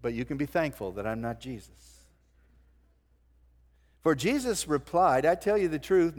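Animated male preacher in a reverberant church. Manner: animated preaching, swinging from loud emphasis to hushed lows. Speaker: pastor. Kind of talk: sermon. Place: church sanctuary. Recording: long hall reverb.

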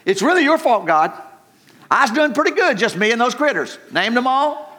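A man voicing Adam as a whiny grown man who blames everyone else, his voice raised high as he complains. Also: big pitch swings, normal speed, sharp tone, full character voice. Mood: whiny blaming. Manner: complaining, self-excusing, raised voice.

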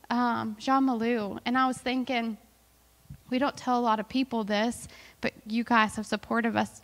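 A woman's voice: fairly high pitch, a bit bright, long reverb tail. A woman missionary giving an earnest, emotional testimony to a church, talking in a chatty way with fillers. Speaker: missionary guest speaker.

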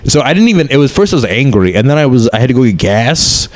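A man's voice: mid-range voice, very animated, fast, slight background noise. A man in his thirties, a comedian, talking candidly and rambling in a casual chat, swearing often.

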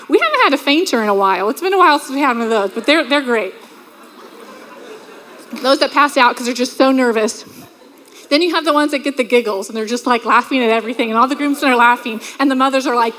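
A woman's voice: a little high, slight background noise. A woman preaching a sermon in a church, telling stories and acting out quoted voices. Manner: lively storytelling with quoted voices. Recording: reverberant hall.

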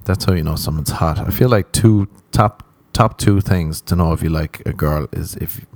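A man's voice: sits low, normal speed, a little mellow, no room sound, clean studio sound. An Irish man hosting a podcast, rambling through a comic monologue and swearing freely, with a self-mocking manner. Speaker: podcast host.

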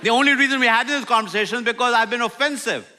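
A middle-aged man preaching a sermon with humor, swinging from loud outbursts to near-whispers. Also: very high-pitched, fast. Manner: animated, humorous preaching with sudden loud and soft turns. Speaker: pastor.

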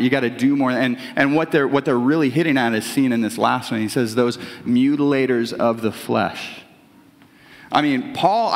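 A man preaching a sermon in a conversational way, often restarting and briefly voicing the people he describes. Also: fairly high pitch. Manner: conversational preaching with many restarts, voices imagined characters. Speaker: pastor. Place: church hall. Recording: long reverb of a large hall.

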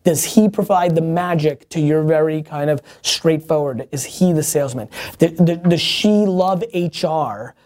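A man's voice: on the high side, a little slow, darkish tone. A man hosting a show, answering viewer questions in casual advice talk, firing off emphatic rhetorical questions and correcting himself as he goes. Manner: stumbles and corrects himself mid-sentence.

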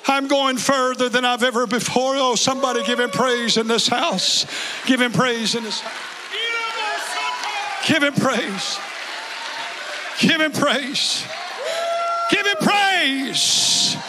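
A man preaching a fervent sermon, building to shouted repeated calls for praise in a church. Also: very high voice, slow, pauses often, a loud crowd, heavy background noise. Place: large church hall. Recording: long reverb from church hall.

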